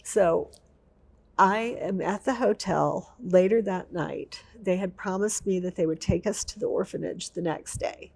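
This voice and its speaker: Interview subject: woman veteran, low gravelly voice, emotional storytelling. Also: measured pace, a little mellow. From United States. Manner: emotional, vivid storytelling with repetition. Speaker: veteran telling her story.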